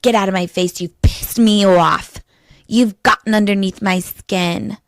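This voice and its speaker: A woman hosting her own podcast, delivering a cynical, deadpan monologue with biting sarcasm. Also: mid-range voice, measured pace, no room sound, clean studio sound. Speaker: podcast host.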